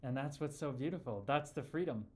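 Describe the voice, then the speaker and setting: A man's voice: mid-range voice, a little fast, a little mellow. A man hosting a livestream in a casual, chummy way, reading viewer comments aloud and calling people brother and dude. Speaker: livestream host and former hockey player.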